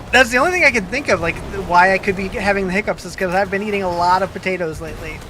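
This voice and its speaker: A game streamer talking into a home desk mic on a live stream, fighting a case of hiccups. The voice is bright and sharp, chatty and loose, stopping and restarting sentences while answering chat. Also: medium pitch, fast talker, slight background noise. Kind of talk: casual live-stream chat, reading viewer comments.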